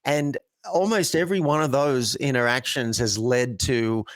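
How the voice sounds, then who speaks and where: A man's voice: mid-range voice, normal speed, no echo. A man coaching guest in an interview, telling stories earnestly and acting out example phrasings. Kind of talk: conversational interview.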